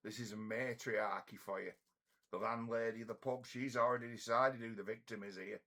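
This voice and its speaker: Gravelly, blunt man. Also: mid-range voice, fairly even intonation, fairly quick, pushed and bright. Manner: blunt, profane, rambling with frequent restarts. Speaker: storyteller. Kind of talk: casual storytelling monologue.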